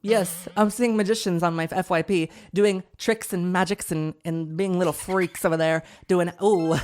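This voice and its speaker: A young woman in her twenties hosting a podcast, talking in a casual, dramatic and rambling way that swings into excited outbursts. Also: mid-range voice, a little fast, hardly any pauses. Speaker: podcast host. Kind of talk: casual chat with a sponsor read.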